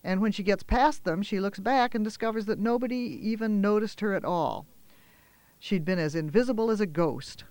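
A man telling a children's story aloud in a gentle, expressive way, with small pauses and fillers. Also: high voice, clear, resonant tone, dry recording.

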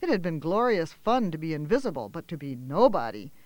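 A man telling a children's story aloud in a gentle, expressive way, with small pauses and fillers. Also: a little high, dry recording.

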